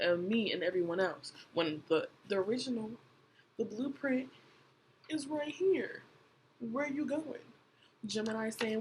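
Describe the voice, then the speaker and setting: A woman's voice: a little high, measured pace. Chatty woman reading tarot, noisy clicks. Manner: chatty, repeats herself, speaks to viewers directly. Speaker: tarot reader. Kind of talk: casual tarot reading monologue. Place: home.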